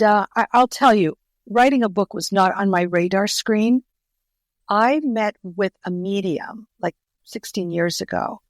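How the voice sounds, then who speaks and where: Middle-aged woman, podcast guest, animated storyteller, dry close recording. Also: medium pitch, no echo. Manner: animated storyteller, acts out quoted voices. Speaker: guest author.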